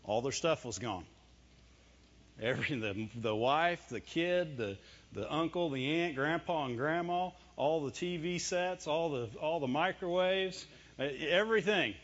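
A male preacher with a high voice, delivering a sermon in a chatty way and firing off quick rhetorical questions he then answers. The recording sounds dull and lo-fi. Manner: conversational, chuckling preaching. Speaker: pastor.

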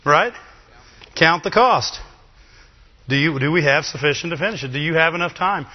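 Chatty preacher in an echoing hall. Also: male voice, fairly high pitch, moderate pace, breathy edge. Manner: lively, chatty, with asides and laughs. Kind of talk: sermon. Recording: dull, long reverb of a hall.

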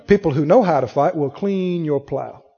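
A man's voice: a little high, normal speed, dark tone, breathy edge, long reverb tail, muffled recording. A man preaching a sermon, telling a personal story and acting out the voices in it.

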